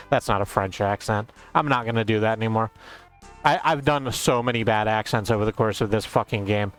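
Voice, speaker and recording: A man's voice: fairly low pitch, fairly quick, a bit bright, clear, resonant tone, soft background music. A man streaming a game playthrough, joking and swearing as he goes. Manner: joking, swearing, self-mocking.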